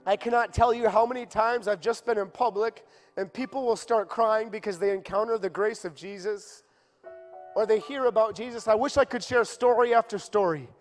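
A man preaching a sermon in a church, telling a personal story with deep emotion and building to impassioned pleading. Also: moderate pace, long reverb tail, soft background music.

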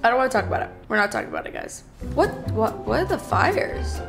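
A young woman streaming a game in casual chatter, excitable, gasping and cursing at what happens on screen. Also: a little high, fast, gravelly. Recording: music playing behind her.

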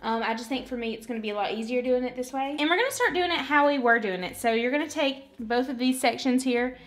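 A woman's voice: sits high, fast talker. A woman giving a casual, rambling craft tutorial at home, saying "y'all" and "literally" a lot. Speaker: craft vlogger. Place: home, working on a wall hanging.

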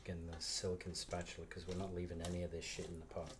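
A man's voice: sits low, flat delivery, fast, background noise. A man chatting casually and rambling with jokes and offhand swearing while he cooks on a live stream. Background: loud music.

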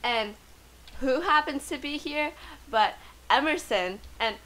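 A woman giving chatty, excitable commentary while playing a life-simulation game. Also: sits high, takes it slowly, rough recording. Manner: chatty, excitable, gasps and laughs often. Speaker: let's play gamer. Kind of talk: casual gameplay commentary.

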